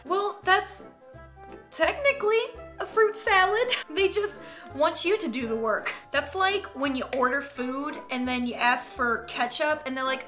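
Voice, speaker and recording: Bright, giggly young-sounding woman vlogger. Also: high voice. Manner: giggly, laughs between lines, exaggerated disgust. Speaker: YouTube host. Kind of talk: casual reaction commentary.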